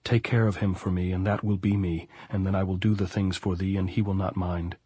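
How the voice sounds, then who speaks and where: A man's voice: sits low, flat delivery, brisk, mellow, breathy edge, no room sound. A man voicing a frightened young woman praying. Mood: desperate. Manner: pleading, breathless inner prayer.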